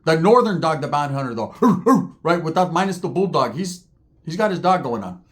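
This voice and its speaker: Vlogger, male, fairly high voice, slangy profane storyteller who keeps checking in with the listener. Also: fairly quick. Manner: animated, slangy, cursing, asks the listener for agreement.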